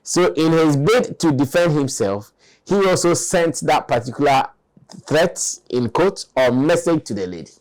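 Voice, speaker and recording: A man, co-hosting a talk show and calmly reporting news. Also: a little high, measured pace, low-quality recording. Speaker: co-host.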